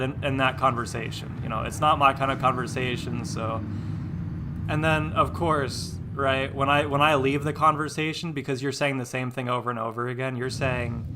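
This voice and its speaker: A man's voice: medium pitch, noisy background. A man live-streaming a game, chatting casually and rambling, restarting his words and sounding exasperated and dismissive.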